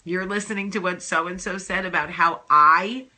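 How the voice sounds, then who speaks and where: A woman voicing her own blunt, deadpan husband, who talks in a flat, matter-of-fact and teasing way. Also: fairly low pitch, moderate pace.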